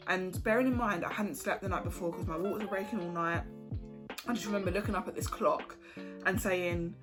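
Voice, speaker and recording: Frank young woman, low voice. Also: a little fast. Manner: frank, chatty, swears casually. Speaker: vlogger. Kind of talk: candid storytime chat. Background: background music.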